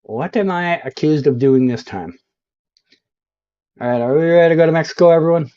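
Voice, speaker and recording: A man streaming a geography game, joking and mocking himself as he sounds out signs in slow, mangled Spanish. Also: a little high, smooth, dull audio. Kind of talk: casual live-stream commentary.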